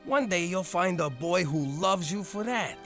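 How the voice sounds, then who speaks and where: A man voicing a blustery middle-aged mob father in a cartoon, exasperated, who shouts and then gives in to his daughter. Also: high voice, very animated, normal speed, creaky, music in the background, exaggerated voice. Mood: coaxing. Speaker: strip club co-owner and father.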